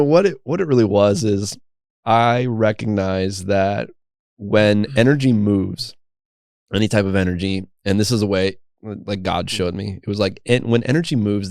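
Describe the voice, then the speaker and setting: A man's voice: fairly low pitch, moderate pace, clean tone, no echo, studio quality. Profane, laughing man telling a wild story. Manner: animated, laughing often, profane. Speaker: podcast guest, coaching program founder. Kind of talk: casual storytelling interview.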